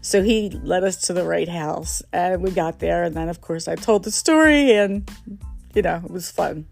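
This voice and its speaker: A woman's voice: fairly low pitch, moderate pace, gravelly, darkish tone, faint music behind. A middle-aged woman telling comic stories about her own mistakes, laughing at herself and acting out the people in them. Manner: self-mocking, laughing often, acting out quoted voices. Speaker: storyteller host. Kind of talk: casual comic storytelling.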